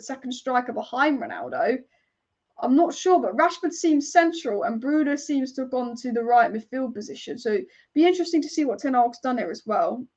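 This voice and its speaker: Young woman, high-pitched, chatty fan host reacting live, casual swearing, slightly dull lo-fi sound. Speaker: football fan channel host. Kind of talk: live match watch-along commentary.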